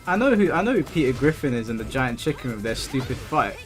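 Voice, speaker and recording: A very animated man in his thirties talks fast in a mid-range voice on a gaming stream. Laid-back despite the pace, he reads chat aloud and keeps stumbling and repeating words as game music plays.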